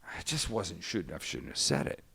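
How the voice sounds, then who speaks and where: A man's voice: sits low, normal speed, vocal fry, breathy edge. A man hosting a cooking show, telling stories in casual chat and acting out the people he quotes. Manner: animated storyteller acting out quotes.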